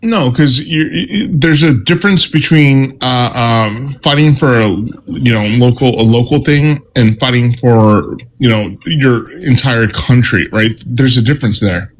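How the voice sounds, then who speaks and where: A man arguing on a live stream panel, halting and defensive, often restarting his sentences. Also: mid-range voice, a little hiss or hum, low-quality recording. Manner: halting, repeats "dude" and restarts under pressure. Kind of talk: heated political debate. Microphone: phone on a live stream.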